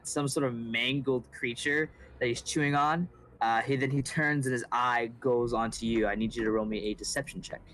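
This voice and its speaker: A man in a mid-range voice, narrating as game master of a tabletop game. His delivery is casual and halting, full of fillers and restarts. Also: medium pitch, fairly bright tone, poor audio.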